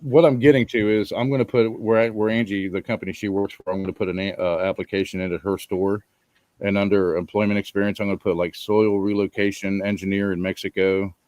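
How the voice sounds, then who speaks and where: A man's voice: lowish voice, fairly even intonation, quick pace, a little mellow, no echo. A man in his thirties hosting a casual chat, telling a long rambling story with lots of ums. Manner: laid-back rambling storyteller, frequent ums. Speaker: podcast host.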